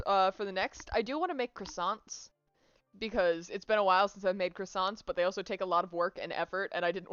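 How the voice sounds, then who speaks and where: A young woman streaming from her apartment, chatting casually with viewers in a rambling, self-mocking way with quick asides. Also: medium pitch. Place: apartment room. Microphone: desk microphone. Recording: dry, dull lo-fi sound with faint music.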